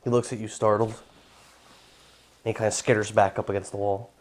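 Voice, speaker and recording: A man's voice: on the low side, flat delivery, brisk. A man narrating as game master in a tabletop game, in loose, conversational narration.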